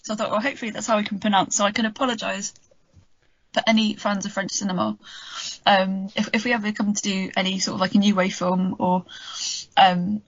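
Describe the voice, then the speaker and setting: A woman's voice: medium pitch, little pitch movement, a little fast, dry recording. A woman with a West Country accent co-hosting a casual film review podcast, laughing often and apologising for mangling names. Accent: West Country English. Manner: giggly, apologetic about names. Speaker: podcast co-host. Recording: dull lo-fi audio.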